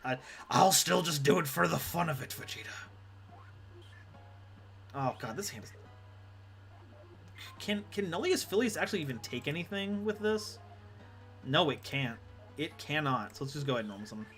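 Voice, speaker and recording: A man's voice: a little high, lively intonation, moderate pace, pauses often, a bit bright, soft background music. A man streaming a card game live, rambling and self-deprecating as he chats with his viewers. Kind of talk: live gameplay commentary.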